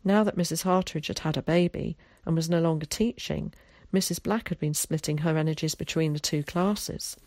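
Female audiobook narrator, low, measured, dry close mic. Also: darkish tone, dry recording. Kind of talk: storybook narration.

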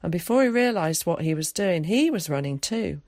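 A woman narrating an audiobook chapter in a measured, expressive storytelling voice. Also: lowish voice, dry recording. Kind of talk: scripted narration.

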